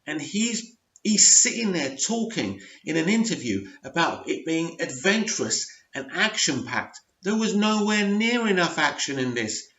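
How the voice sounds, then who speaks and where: A man's voice: a little high, very animated, unhurried, fairly bright tone. A man giving an unscripted, frustrated rant as a TV review vlogger, full of emphatic rhetorical questions. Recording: roomy, dull lo-fi sound.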